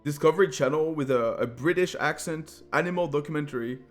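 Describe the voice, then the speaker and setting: A man's voice: a little high, fairly quick, faint music behind. A tired man with a French accent commentating a live game, joking and filling gaps with lots of "uh". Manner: excitable, joking, many fillers. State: sleep-deprived. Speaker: esports commentator.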